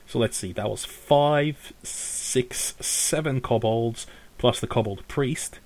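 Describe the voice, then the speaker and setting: A man's voice: mid-range voice, takes it slowly, darkish tone. A man narrating as game master, rambling with lots of fillers and laughter.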